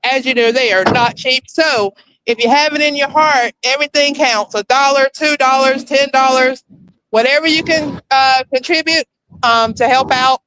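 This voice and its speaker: A woman's voice: high-pitched, moderate pace, a bit bright, slight background noise, poor audio. An out-of-breath woman giving a chatty, apologetic live update by phone from outdoor grounds. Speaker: volunteer calling in to a live panel. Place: outdoors at a school grounds in summer heat.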